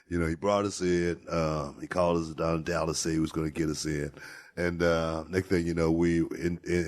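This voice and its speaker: A man appearing as a podcast guest, reminiscing with laughter and frequent stops and restarts. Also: low voice. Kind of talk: casual interview chat.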